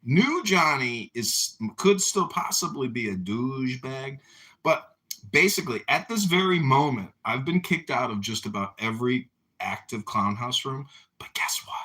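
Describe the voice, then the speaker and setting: A man hosting a casual chat on a voice-chat app, talking in a low, offhand, mumbling way. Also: lively intonation, unhurried, pushed and bright. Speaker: host.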